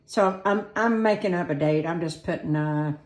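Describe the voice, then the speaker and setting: A woman's voice: on the low side, normal speed. Chatty woman in an echoey kitchen. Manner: chatty, self-deprecating, talks while working. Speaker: home cooking host. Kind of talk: casual cooking demonstration. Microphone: camera on a tripod. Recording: echoey room.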